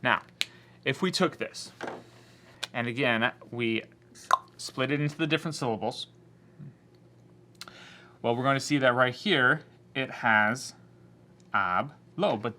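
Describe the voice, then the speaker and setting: A man's voice: mid-range voice, lively intonation, a little slow, pauses often, bright, forceful tone. A man teaching a Spanish grammar lesson to his class, explaining patiently and voicing the objections students might raise.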